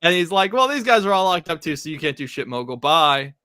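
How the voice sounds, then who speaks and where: A man's voice: a little high, big pitch swings, a little fast, pushed and bright, no room sound, clean studio sound. A man co-hosting a casual comic recap, rambling with lots of fillers and frequent laughter. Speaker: podcast co-host.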